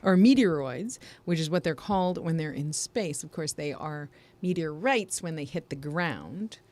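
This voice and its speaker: Woman, podcast co-host, chatty, informal, slightly low voice. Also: lively intonation, moderate pace, darkish tone. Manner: chatty, informal, some filler and restarts. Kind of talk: casual chat.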